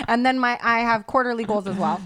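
High-pitched woman, podcast co-host, animated and profane in casual chat. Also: no room sound, clean studio sound. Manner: animated, swearing storyteller.

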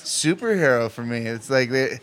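A middle-aged man, an actor being interviewed, chatting casually with a deadpan, mock-grandiose sense of humour. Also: mid-range voice, normal speed. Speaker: guest actor.

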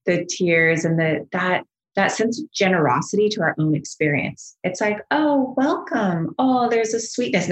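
A middle-aged woman psychologist talks as a podcast guest. Her voice sits a little low, and she explains gently and with enthusiasm. She often slips into soft, soothing quoted voices. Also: poor audio. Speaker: psychologist and mindfulness expert, guest.

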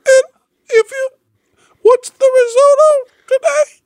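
Squeaky, pinched, strained high voice of a man whose voice box was just jabbed, as a man puts it on. It whimpers thinly on every word. Dry, close sound. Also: fairly even intonation, slow, darkish tone, no room sound, full character voice. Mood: whimpering.

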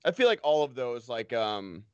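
A man's voice: medium pitch, very animated, normal speed, darkish tone, clear, resonant tone, no room sound, muffled recording. A man hosting a casual talk show, rambling and filling his speech with "like". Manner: rambling, heavy on "like". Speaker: podcast host. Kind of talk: casual chat.

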